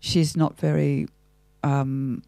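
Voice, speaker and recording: Gravelly older Australian actress. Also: female voice, low voice, level tone, slow pace, dark tone, no room sound. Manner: thoughtful, theatrical, self-questioning. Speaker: actress, interview guest. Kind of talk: reflective interview talk.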